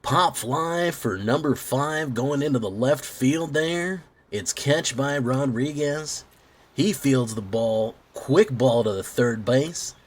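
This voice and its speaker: A man voicing a male baseball sportscaster with a slow, drawn-out broadcast cadence. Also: medium pitch, pitched above the performer's own voice. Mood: announcing.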